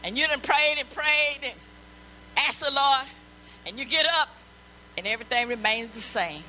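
A woman's voice: high voice, normal speed, sharp tone, a little hiss or hum, poor audio. A woman pastor delivering a sermon, emphatic and repetitive, breaking into calls of praise.

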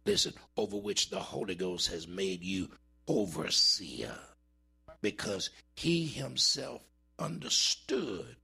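A man preaching a sermon in a dramatic style, with big swings in pitch and drawn-out words for emphasis. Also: creaky, bright, forceful tone, breathy edge.

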